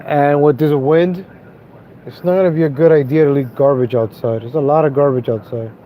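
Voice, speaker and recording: A man's voice: a little high, dull audio. A man live-streaming from his car, mocking and cursing in an angry rant, then apologizing to his viewers. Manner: profane, mocking, quick to rage then apologetic. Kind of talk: ranting live stream commentary. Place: inside a car, driving.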